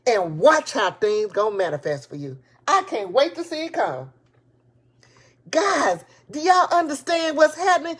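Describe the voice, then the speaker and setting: A woman giving a live motivational talk to her viewers, excited and preachy, repeating her points and speaking in casual, folksy grammar. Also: high-pitched, unhurried. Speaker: motivational speaker and business coach. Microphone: tablet device.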